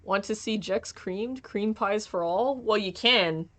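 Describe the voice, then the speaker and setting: A woman's voice: mid-range voice, slow, a bit bright. A young woman streaming from home, chatting casually while gaming, giggling and joking as she reads chat aloud.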